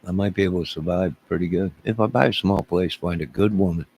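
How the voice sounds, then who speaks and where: A man's voice: low-pitched, fast talker, a little mellow, a little hiss or hum. A man around fifty ranting to his livestream chat, rambling and exasperated, repeating himself.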